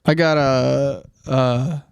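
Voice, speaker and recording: A man in his twenties co-hosting a podcast, telling a rambling story and often laughing. He quotes other people in a high put-on voice. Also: steady tone, extremely slow, vocal fry, clean tone, no echo, studio quality. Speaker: podcast co-host. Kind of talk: casual storytelling chat.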